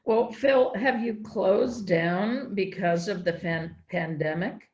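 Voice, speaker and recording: A woman hosting a conversation, asking measured questions. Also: medium pitch, a little mellow, lo-fi sound. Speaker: host. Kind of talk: interview questions.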